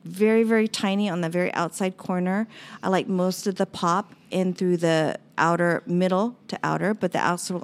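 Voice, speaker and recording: A middle-aged woman with a slightly low voice chats casually about her salon work. She talks in an animated way and likes to act out her clients. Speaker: lash artist and salon owner. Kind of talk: casual chat.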